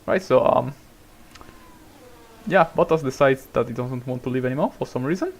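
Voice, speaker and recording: A man's voice: mid-range voice, moderate pace, pauses often. Swearing casual gaming commentator man. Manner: swears a lot, rambling, bursts into shouting at drivers. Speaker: gamer commentating a racing management game. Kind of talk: casual let's-play commentary.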